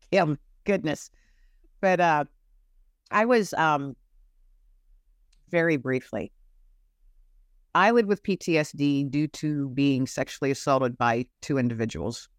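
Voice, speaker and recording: A woman's voice: deep voice, no room sound, clean studio sound. A middle-aged woman giving an earnest, emotional personal testimony as an interview guest, her voice rising as the story grows intense. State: teary-eyed.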